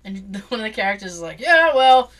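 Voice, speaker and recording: A woman hosting a casual chat, opinionated and quick to laugh. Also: medium pitch, fairly even intonation, bright, forceful tone. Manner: bubbly, opinionated, laughs often. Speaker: podcast host.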